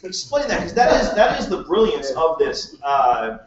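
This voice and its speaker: A man's voice: high voice, big pitch swings, normal speed, slight background noise. A man presenting at a live business meeting, joking and chatty and asking the crowd questions. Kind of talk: casual sales pitch to a live audience. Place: meeting room with a live audience. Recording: echoey room, distant mic, dull sound.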